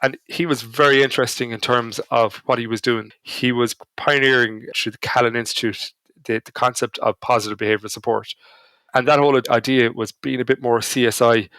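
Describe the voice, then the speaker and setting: A man's voice: medium pitch, a bit bright, no room sound. Self-deprecating Irish man telling stories. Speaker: podcast guest. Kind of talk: casual storytelling chat.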